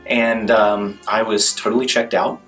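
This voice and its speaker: A man's voice: lowish voice, little pitch movement, a little slow, fairly bright tone, soft background music, poor audio. A man, a law student, telling a wry classroom anecdote to the camera.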